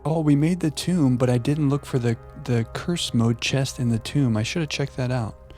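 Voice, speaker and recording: A man streaming a puzzle game live, chatting playfully with viewers and thinking out loud. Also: mid-range voice, normal speed, soft background music. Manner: playful, chatting to viewers while musing aloud. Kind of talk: live gameplay commentary.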